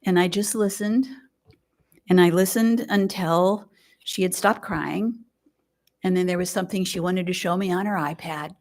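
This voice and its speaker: Older woman giving a gentle sermon. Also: lowish voice, fairly even intonation. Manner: gentle, reflective, measured with pauses. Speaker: lay speaker. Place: fellowship hall, indoors.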